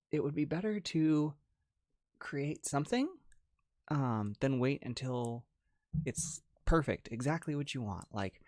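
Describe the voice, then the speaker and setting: A young adult ASMR creator chats casually on a livestream and reads out viewers' messages. The voice swings widely in pitch, and the talk is full of restarts and "like" with frequent giggling. It sounds dry and close on a good mic. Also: a little mellow, no room sound. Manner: chatty, lots of "like" and restarts, giggles often.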